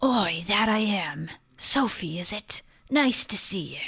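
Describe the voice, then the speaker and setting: A woman doing a gruff fairy dwarf. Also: medium pitch, expressive, slow, fairly bright tone, exaggerated voice. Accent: put-on accent, British-sounding. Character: gruff male fairy dwarf craftsman, friendly.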